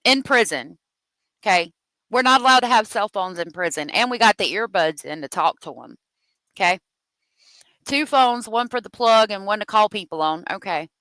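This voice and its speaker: A woman's voice: medium pitch, expressive, normal speed, bright, forceful tone, dry recording, rough recording. A woman hosting a true crime livestream, heated and profane as she talks, thanking viewers for their donations. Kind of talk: angry live commentary.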